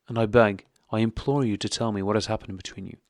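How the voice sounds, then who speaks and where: A man's voice: lowish voice, fairly even intonation, quick pace, no room sound, clean studio sound, lightly acted. Man voicing a pleading distressed wife. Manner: pleading, emotional. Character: distressed loyal middle-aged wife.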